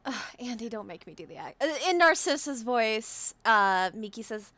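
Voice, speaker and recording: A woman's voice: a little high, animated, moderate pace, sharp tone, no room sound. A woman playing in a tabletop game, hesitantly describing what her character does, with frequent restarts.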